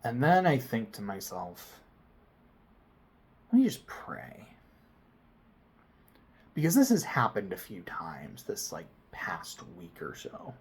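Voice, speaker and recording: A man telling a personal story to camera in a casual vlog, swinging between loud excited bursts and quiet near-whispered asides. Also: lowish voice, measured pace, hardly any pauses, slightly rough. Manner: frequent swearing, casual slang. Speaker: vlogger.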